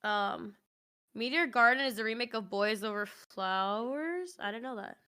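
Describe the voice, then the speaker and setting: A woman with a fairly high, bright, forceful voice talks casually to her livestream chat. She rambles, piles on "like" fillers and laughs easily. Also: measured pace, clean tone. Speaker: streamer co-host.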